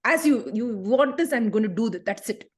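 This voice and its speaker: Woman doing a bratty ten-year-old girl, high-pitched, whiny back-talk. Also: animated, normal speed, natural voice. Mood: sulky. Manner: whiny, defiant, stammering.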